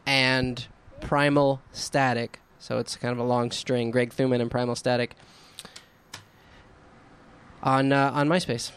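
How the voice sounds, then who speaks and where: Man, from Baltimore, radio co-host, casual joking chat, smooth clear voice. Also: mid-range voice, flat delivery, normal speed, fairly bright tone. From Baltimore, Maryland. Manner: chatty, joking. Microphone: studio mic.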